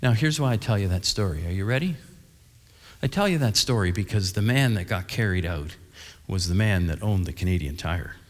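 A man preaching as a pastor, telling a story animatedly and acting out the dialogue and shouts. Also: deep voice, expressive, a little fast. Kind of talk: sermon storytelling. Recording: long hall reverb.

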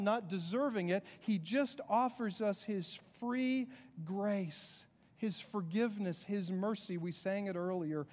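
A man preaching a sermon as pastor, earnest and conversational, with quick asides to the congregation. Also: sits high, darkish tone, big-room sound.

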